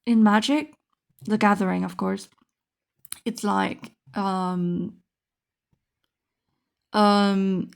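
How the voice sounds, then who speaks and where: A woman's voice: mid-range voice, expressive, slow, gravelly, long pauses. A woman chatting casually as she opens a trading card pack, thinking aloud with many fillers and restarts. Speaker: card game vlogger. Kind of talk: casual unboxing chat.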